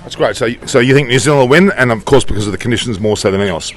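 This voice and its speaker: A man interviewing people on a busy street, upbeat and chatty. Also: mid-range voice. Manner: upbeat, chatty, quick-talking. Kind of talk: vox pop street interviews.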